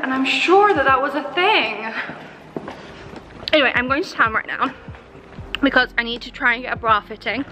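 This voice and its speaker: A woman's voice: fairly high pitch, noisy background. A young woman in her twenties chatting casually to camera in a vlog, bubbly and rambling. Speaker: vlogger.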